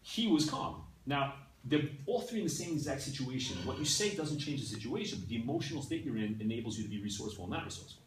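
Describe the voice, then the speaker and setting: Animated man lecturing, echoey and distant. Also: medium pitch, fast talker, a little hiss or hum. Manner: animated, keeps checking in with "right?" and "yeah?". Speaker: class teacher. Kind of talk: conversational lecture to a class. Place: classroom. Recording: echoey room from a distance, faint ambience.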